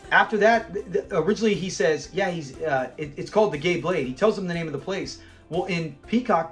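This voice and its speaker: Male fan-channel host, slightly high voice, casual animated recap, chuckles a lot, faint music under. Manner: animated, rambling, chuckles often. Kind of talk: casual chat recapping a sitcom episode.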